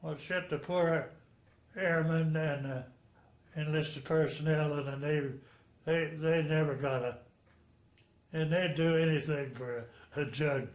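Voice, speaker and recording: Slow-talking very old veteran, echoey room. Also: male voice, a little high, steady tone. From Texas, United States. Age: 90s. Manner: rambling, frank storytelling with chuckles. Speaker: World War II veteran. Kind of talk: oral history interview.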